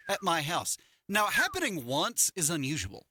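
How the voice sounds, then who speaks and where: A man's voice: sits high, moderate pace, husky. A middle-aged man co-hosting a morning radio show, telling stories in casual chat and acting out the people he quotes. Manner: animated storytelling with acted-out quotes. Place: radio studio. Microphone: studio microphone.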